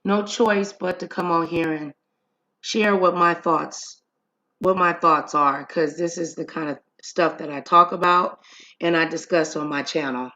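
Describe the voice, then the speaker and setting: A woman hosts a livestream and talks straight to her viewers in a relaxed, chatty way. She speaks slowly and unhurriedly. Her voice is bright and forceful. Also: fairly low pitch, dull audio, a little hiss or hum. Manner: chatty, addresses viewers directly. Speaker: livestream host. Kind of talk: casual livestream chat. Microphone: streaming setup.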